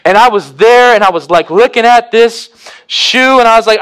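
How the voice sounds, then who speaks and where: A pastor preaching a communion sermon, swinging from hushed to emphatic. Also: male voice, high voice, lively intonation, normal speed, clear, resonant tone.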